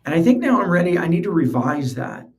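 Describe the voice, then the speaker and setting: Hosting a solo podcast, this man speaks a little quickly in a fairly high voice that swings widely in pitch. His talk is earnest yet casual, and he tends to repeat words while thinking.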